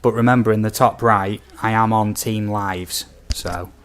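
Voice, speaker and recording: A young British man with a fairly low voice talks through a late-night game stream. He rambles in a loose, casual way, reading out viewer messages and padding his speech with ums. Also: fairly even intonation, unhurried, slight background noise. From United Kingdom. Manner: rambling, reads out viewer comments with many ums. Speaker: gaming streamer. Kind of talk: casual live-stream chat.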